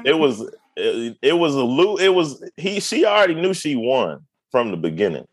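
A man's voice: mid-range voice, big pitch swings, normal speed, husky, no room sound. A man co-hosting a podcast in casual chat, joking around and acting out voices. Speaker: podcast co-host.

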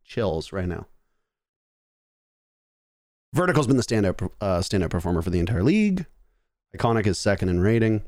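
A man hosting a casual esports chat, animated and profane, mimicking players as he talks. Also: lowish voice, normal speed, long pauses, dry recording, clean studio sound.

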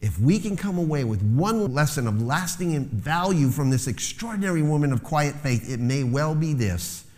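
A man's voice: on the high side, animated, normal speed, few pauses, a little mellow. A man preaching a sermon as pastor, lifting his voice to stress key phrases. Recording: long hall reverb.

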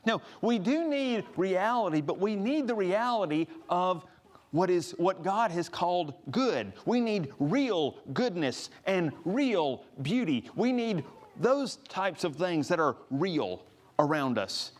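A man's voice: sits high, big pitch swings, slow. A man preaching a sermon, earnest, rising to stress each scripture he quotes. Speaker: pastor.

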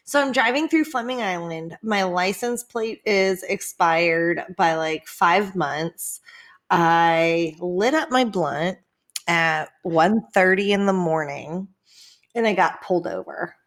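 Her voice is on the low side and she talks slowly. This twenty-something woman shares candid personal stories in casual conversation, laughing, cursing freely, and performing the dialogue of people she quotes.

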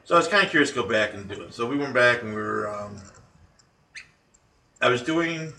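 A man co-hosting a casual chat, speaking haltingly with fillers and restarts. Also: medium pitch, animated, sharp tone, echoey room, recorded from a distance. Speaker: paranormal investigator, podcast co-host.

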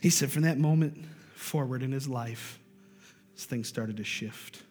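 Guy preaching, tells a story, gets loud then goes real quiet, soft music under him. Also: medium pitch, unhurried, slightly rough, big-room sound. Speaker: pastor. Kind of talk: sermon.

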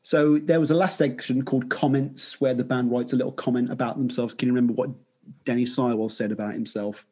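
A man's voice: mid-range voice, fairly even intonation, brisk, a little mellow, breathy edge. A man hosting a podcast, chatting casually, joking and teasing, with frequent laughter. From Birmingham, England. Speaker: podcast host.

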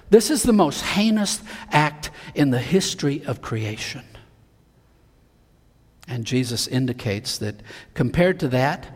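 A man preaching a sermon, acting out the Bible figures' lines with sudden swings between soft and loud. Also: fairly high pitch, in a large hall.

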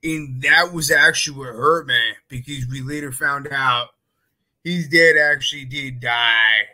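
A man's voice: mid-range voice, a little slow, pushed and bright, rough recording. A man chatting casually, telling rambling stories full of fillers. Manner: loose, rambling storytelling with many fillers. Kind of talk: casual podcast chat.

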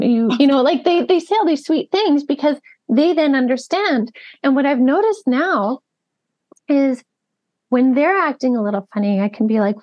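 A woman's voice: sits high, expressive, moderate pace, a little mellow. A woman podcast host telling stories in a chatty way, full of fillers like "like" and "you know.". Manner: chatty storytelling with frequent fillers. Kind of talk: casual podcast conversation. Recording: muffled, dull lo-fi audio.

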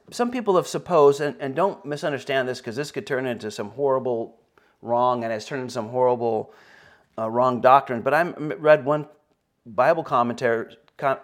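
A man preaching and telling a story from his own life, with a plain, mid-pitched voice. He halts and repeats words as he goes, and his voice rises at the emotional points. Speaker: pastor. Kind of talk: sermon storytelling.

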